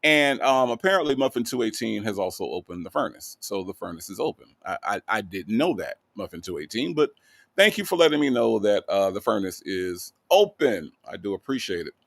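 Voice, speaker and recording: A man's voice: lowish voice, a little fast, creaky, no room sound. A man hosting a casual livestream, reading out viewer comments and greeting each one by name. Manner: animated, greets chat with repeated hellos. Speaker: livestream host.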